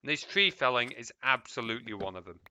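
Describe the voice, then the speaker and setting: Talking fast in an animated, sharp-toned, mid-range voice, a man chats his way through a game stream, cursing freely at mobs and muttering to viewers. Slight background noise can be heard.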